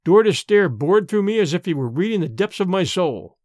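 A man narrating a classic story in an expressive, theatrical reading. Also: sits high, normal speed, no room sound, studio quality. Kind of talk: audiobook storytelling.

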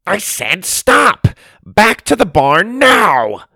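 A man's voice: medium pitch, sing-song, unhurried, fairly bright tone, no echo, studio quality. A man voicing a proud seven-year-old boy genius inventor who talks in formal, showy words. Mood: shouting.

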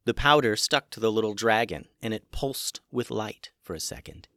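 A man hosting a children's podcast and narrating a storybook in a gentle, measured way. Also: lowish voice, lively intonation, no echo, clean studio sound.

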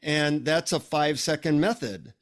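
Funny guy telling stories on a video call, voice kinda high. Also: moderate pace. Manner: humorous, animated storyteller. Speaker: psychotherapist and author, guest. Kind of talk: storytelling in a casual interview. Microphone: remote call.

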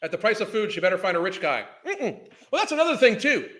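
A man's voice: sits high, very animated, quick pace, sharp tone. A man, ranting in a heated, profane, scornful way as a podcast host. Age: 50s. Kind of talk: ranting commentary.

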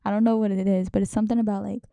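Young woman, podcast host, gravelly fry, mellow dark tone, rambling casual monologue. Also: medium pitch, little pitch movement, racing, no room sound, studio quality. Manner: rambling, emotional, swears and laughs often.

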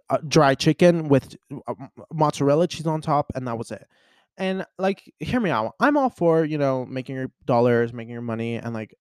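A young man vlogging in a casual chat to camera, telling stories in a chatty, animated way with lots of fillers. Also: mid-range voice, no echo, studio quality. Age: young adult.

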